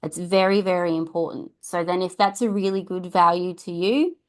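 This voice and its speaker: A woman's voice: lowish voice, moderate pace. A middle-aged Australian woman hosting a parenting talk, chatty and earnest, often adding tag questions. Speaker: podcast host and parenting coach. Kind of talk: casual advice talk.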